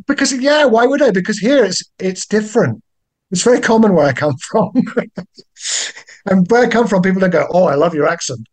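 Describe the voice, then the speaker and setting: An older man with a British accent, a guest actor chatting in a relaxed, wry, self-deprecating way. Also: a little fast. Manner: genial, wry, self-deprecating, with lively pitch jumps. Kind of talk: relaxed podcast chat.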